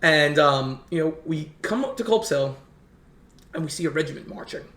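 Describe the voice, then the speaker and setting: A young man in casual chat, telling a long story in an animated way and acting out what others said. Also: fairly high pitch. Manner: animated, fast storyteller who acts out quotes. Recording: roomy echo.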